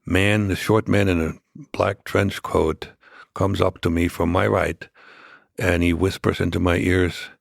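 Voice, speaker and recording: A man as a podcast guest, recounting past events in a measured, reflective way during a conversational interview. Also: low-pitched, little pitch movement, vocal fry, dry recording, studio quality.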